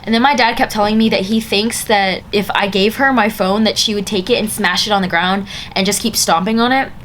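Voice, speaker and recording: A woman's voice: mid-range voice, steady tone, brisk, fairly bright tone, a little hiss or hum. A young woman vlogger telling a casual storytime, chatty and full of "like" fillers.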